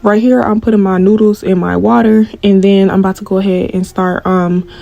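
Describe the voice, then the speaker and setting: Young woman chatting a storytime while cooking, mellow voice, dry close sound. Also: medium pitch, brisk, creaky, no echo, highs cut off. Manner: animated storytelling with slang, talks to viewers. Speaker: cooking vlogger.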